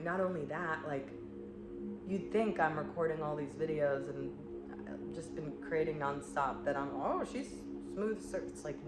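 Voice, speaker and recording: A woman spiritual coach speaking in an earnest, searching way, full of "like" and soft laughs, in a reflective monologue. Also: low-pitched. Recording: echoey room with clear background noise.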